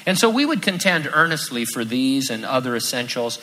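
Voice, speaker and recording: A man preaching a sermon, lively and acting out the voices in his quotes. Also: mid-range voice, brisk, rough recording. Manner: animated, acts out quoted voices. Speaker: pastor.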